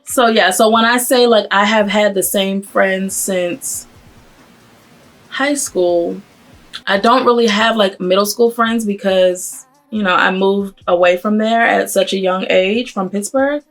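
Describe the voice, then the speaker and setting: A woman's voice: medium pitch, fairly even intonation, soft background music. Chatty woman with a mixed Northern-Southern US accent. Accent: mix of Northern US and Southern US. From Pennsylvania, raised in Atlanta. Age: 30s. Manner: fast, rambling talk, stumbles over words. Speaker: beauty vlogger. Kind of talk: casual get-ready-with-me chat. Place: at home doing makeup.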